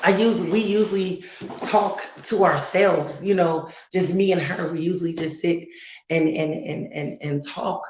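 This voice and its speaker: A woman content creator speaking earnestly and emotionally on a live stream, halting as she talks. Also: on the low side, fairly even intonation, a little mellow, echoey room, slight background noise, low-quality recording. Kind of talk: heartfelt live-stream talk.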